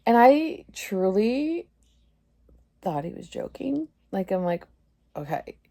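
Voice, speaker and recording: A woman in her thirties talks straight to her viewers in a loose, rambling vlog style. She strings thoughts together with constant "like" and laughs at herself as she goes. Her voice sits a little high. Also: lively intonation, slow pace, warm tone. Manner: rambling, heavy use of "like", laughing through embarrassment. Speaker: vlogger. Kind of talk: casual confessional vlog chat.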